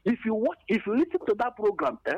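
A man's voice: high-pitched, expressive, quick pace, slightly rough, no echo. A man with a Nigerian accent calling in to a radio show, pleading emotionally and repeating himself. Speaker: radio caller. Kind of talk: impassioned call-in complaint. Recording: muffled phone line.

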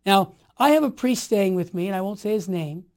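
A man in his sixties telling stories as an interview guest, emphatic and animated, building to forceful declarations. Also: high-pitched, brisk. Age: 60s. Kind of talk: impassioned conversational storytelling.

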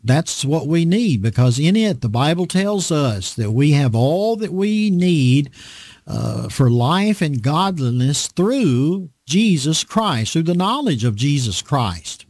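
A man preaching a Bible study, reading scripture slowly and pausing often with fillers. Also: fairly high pitch, sing-song, a little mellow, no room sound. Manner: slow, deliberate reading with frequent fillers.

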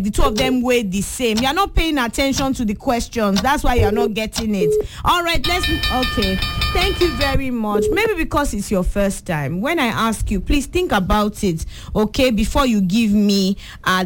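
A woman hosting a children's call-in radio quiz, brisk and encouraging, repeating each question for the young callers. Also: on the high side, animated, slight background noise. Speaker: radio quiz show host.

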